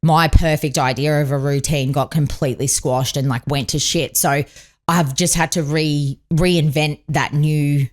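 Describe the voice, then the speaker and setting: A chatty woman in her thirties with a notably low voice, talking on a podcast. She rambles through everyday stories and slips into quoted back-and-forth as she goes. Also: a little slow. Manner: chatty, animated storyteller who acts out quoted dialogue. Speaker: podcast guest. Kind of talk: casual chat.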